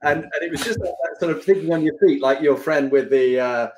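A man's voice: a little high, a little fast, lo-fi sound, a crowd in the background. Chatty man hosting an interview. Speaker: host. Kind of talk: casual podcast interview.

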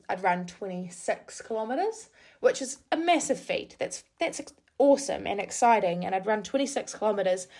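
A young woman from New Zealand, hosting a podcast and telling a candid, confessional personal story in quick bursts. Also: medium pitch. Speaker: podcast host.

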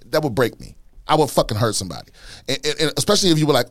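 A man hosting a casual podcast, ranting in a profane, animated way and repeating himself as he gets worked up. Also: medium pitch, rapid-fire, no room sound, studio quality. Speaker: podcast host, comedian.

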